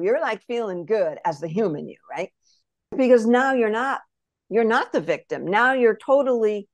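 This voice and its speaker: A woman spirit messenger telling a past-life reading as an animated story, acting out quotes and often asking if the listener follows. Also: mid-range voice, moderate pace, dry recording. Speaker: spirit messenger, podcast guest.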